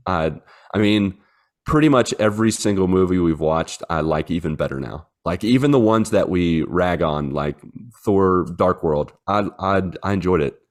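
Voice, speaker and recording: Deep-voiced man rambling through a story. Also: lively intonation, normal speed. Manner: rambling storyteller, many fillers, acts out his dogs in silly voices. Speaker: podcast co-host. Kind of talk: casual chat.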